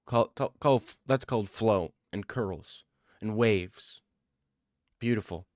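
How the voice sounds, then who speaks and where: A man's voice: on the low side, takes it slowly, darkish tone, dry recording, studio quality. A young man streaming live, answering his chat with defensive, joking replies and a lot of "bro.". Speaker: livestreamer reading chat. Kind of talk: casual livestream chat.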